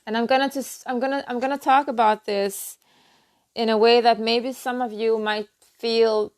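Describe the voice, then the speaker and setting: A woman giving a halting, earnest spiritual talk on her own channel, full of restarts and "you know.". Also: fairly high pitch, fairly even intonation. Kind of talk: personal spiritual talk to camera.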